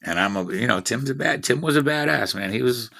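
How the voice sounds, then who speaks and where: Gravelly profane man in his fifties. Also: mid-range voice, expressive, fairly quick, pushed and bright, slight background noise. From Washington State, USA. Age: 50s. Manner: profane, boastful, meandering. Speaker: vlogger. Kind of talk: rambling personal storytelling.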